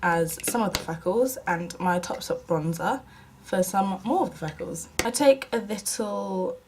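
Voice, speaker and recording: A woman's voice: medium pitch, measured pace, a little hiss or hum, rough recording. Chatty young woman doing her makeup. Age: young adult. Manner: chatty, self-mocking, often half-muttered. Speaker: beauty vlogger. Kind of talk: casual makeup tutorial chat.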